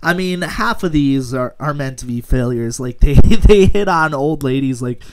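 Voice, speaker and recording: A man's voice: mid-range voice, lively intonation, moderate pace, background noise. A young man, a gaming YouTuber, chatting casually and rambling, with frequent laughs and jokes. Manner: rambling, laughing often, joking. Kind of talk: casual commentary over gameplay.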